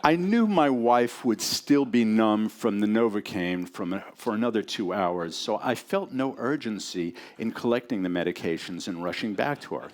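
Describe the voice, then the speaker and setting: A man introducing a friend and then reading his story aloud to a live audience, in a relaxed, conversational and dry way. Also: fairly low pitch, moderate pace, hardly any pauses.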